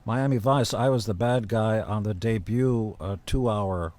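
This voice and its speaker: A man as a podcast guest telling casual stories in a blunt, profane, deadpan-boasting way. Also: fairly low pitch, unhurried. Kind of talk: casual storytelling.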